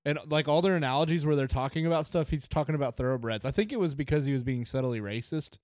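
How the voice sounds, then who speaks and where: A man co-hosting a podcast in casual chat, talking quickly and retelling stories. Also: fairly high pitch, a little mellow, no room sound, clean studio sound. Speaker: podcast co-host.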